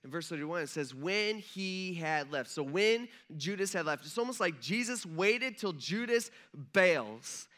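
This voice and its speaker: Man, young adult, pastor, casual sermon, animated storytelling, bright tone. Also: sits high, unhurried. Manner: animated storytelling, acting out quoted voices.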